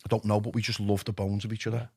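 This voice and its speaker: A middle-aged man with a Liverpool accent, telling his own story as a podcast guest, lively and candid, dropping to a hush when he quotes himself. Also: on the low side, racing, breathy edge, no echo, studio quality. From England. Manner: animated, drops to a hushed voice when quoting himself.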